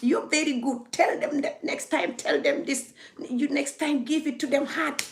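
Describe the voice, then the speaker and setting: A woman mimicking a gushing, flattering caller who giggles and eggs her on in a high, fawning voice. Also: moderate pace, slight background noise. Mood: gushing mockery.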